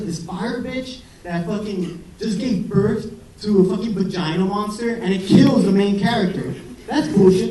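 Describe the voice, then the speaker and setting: A man's voice: sits high, dark tone. A young man, a medical student, doing a rambling, profane stand-up set in front of a live audience. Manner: rambling, profane, self-deprecating storytelling. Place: comedy venue with live audience. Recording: roomy, distant live recording with crowd laughter. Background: audience laughing.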